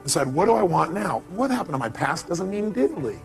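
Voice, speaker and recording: Male motivational speaker, high and emphatic, quizzing the audience, soft music behind. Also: sing-song, brisk, creaky. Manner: emphatic, fires rhetorical questions at the audience. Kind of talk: motivational seminar speech.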